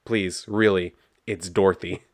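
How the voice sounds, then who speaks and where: A man reading a deadpan weary daughter. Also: deep voice, a little slow.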